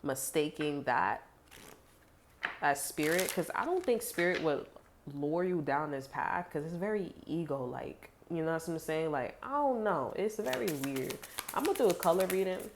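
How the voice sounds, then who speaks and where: Woman, casual tarot reader talking to camera, low-pitched, profane, rambling with fillers. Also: animated, normal speed, background noise. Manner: chatty and blunt, heavy swearing, many "like" fillers. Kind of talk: casual tarot reading to viewers.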